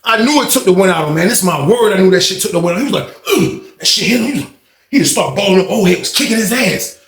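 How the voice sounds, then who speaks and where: A man telling a story in a casual, animated, slangy way, acting out the scenes. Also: high-pitched, very fast, roomy sound.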